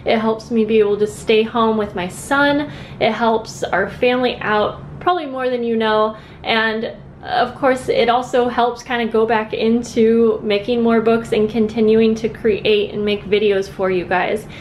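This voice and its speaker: A woman's voice: on the high side, fairly even intonation, measured pace, slight background noise. A young woman vlogging from home about her handmade journals, chatty and earnest, rambling between thoughts. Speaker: craft vlogger. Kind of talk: casual chat to camera.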